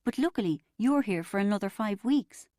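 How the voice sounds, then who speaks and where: A woman reading the part of a calm rehab counsellor who is mild in manner but probing and matter-of-fact. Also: medium pitch, normal speed, dry recording, studio quality, close to an everyday voice. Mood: firm.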